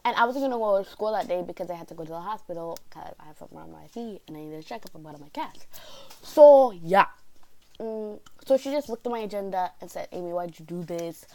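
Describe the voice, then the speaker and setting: A young woman from Canada telling a story in a casual vlog, rambling and chatty, jumping into animated quoted lines. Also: medium pitch, fast talker, creaky, low-quality recording. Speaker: vlogger.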